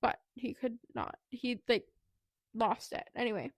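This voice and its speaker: A woman's voice: on the high side, unhurried, dry recording. A woman co-hosting a podcast, casually retelling a book's plot in a chatty way, with plenty of "like" and "anyway". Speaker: podcast co-host. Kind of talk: casual book recap.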